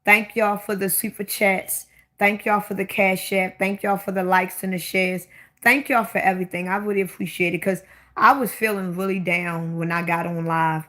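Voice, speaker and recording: Speaking at an ordinary pace in a mid-range, slightly bright voice with fairly even intonation, a Baltimore-accented host over 25 chats on her own livestream. She's blunt, talks at length, and often repeats her questions for effect.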